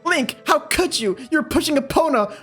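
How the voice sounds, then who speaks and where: A man voicing an indignant young village woman in a video game, scolding in a raised, high voice. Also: expressive, moderate pace, fairly bright tone, faint music behind. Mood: accusing. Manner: scolding, exasperated.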